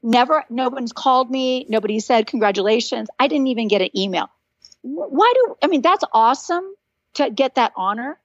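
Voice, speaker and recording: Animated storytelling woman with a bright pitch. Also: a little fast, dry recording, muffled recording. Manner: animated storytelling, acts out quoted voices. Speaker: guest author. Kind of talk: casual podcast conversation.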